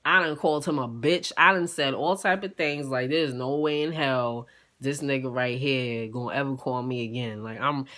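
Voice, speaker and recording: Blunt, forceful New woman. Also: a bass voice, moderate pace. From Queens, New York. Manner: blunt, profane, animated storytelling. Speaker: vlogger. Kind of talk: casual storytime.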